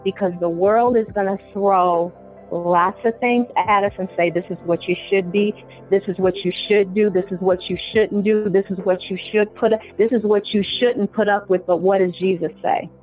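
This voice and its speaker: A woman's voice: mid-range voice, fairly even intonation, normal speed, soft background music. Earnest woman on a phone-like line. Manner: earnest, encouraging, occasional restarts. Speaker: niece, guest speaker. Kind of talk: faith talk, preaching.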